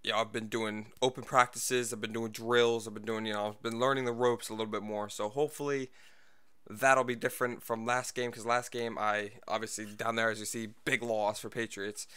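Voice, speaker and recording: Breathless bright-voiced gaming streamer man. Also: fairly low pitch, level tone, fairly quick, smooth. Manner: rambling, lots of fillers, self-deprecating. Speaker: gaming livestreamer. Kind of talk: casual gameplay livestream talk.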